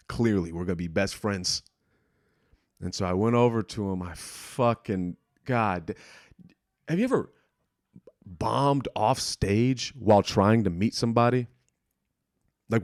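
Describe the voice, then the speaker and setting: A man's voice: on the low side, dry recording, studio quality. A young man hosting a podcast, telling stories in a rambling, profane, self-deprecating way and acting out other people's lines. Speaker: podcast host. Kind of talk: casual storytelling monologue.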